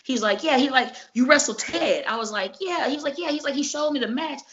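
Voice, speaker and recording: A woman, a professional wrestler, telling stories in a casual interview, animated and profane, acting out each exchange. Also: high voice, fairly quick, a little hiss or hum. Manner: animated, profane, acts out dialogue. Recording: muffled lo-fi recording.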